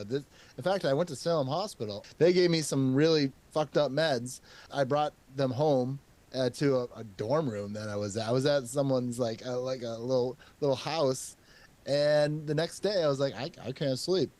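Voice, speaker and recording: A man hosting an interview podcast, telling a long personal story in a rambling, animated way, laughing and swearing as he goes. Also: medium pitch. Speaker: podcast host. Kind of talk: casual interview chat.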